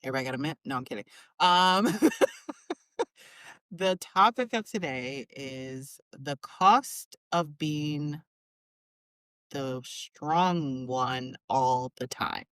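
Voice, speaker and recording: A woman's voice: rumbling low, takes it slowly, fairly bright tone, clear, resonant tone, dry recording. A woman hosting a podcast, chatting casually and laughing often. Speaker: podcast host.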